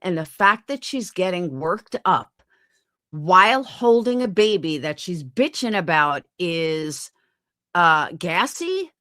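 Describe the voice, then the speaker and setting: A woman streamer ranting with swinging, lively pitch that jumps high when she's outraged. She talks at an unhurried, deliberate pace, heavy with profanity and rhetorical questions. The sound is dry and close to the mic. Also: dry recording. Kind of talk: ranting live-stream commentary.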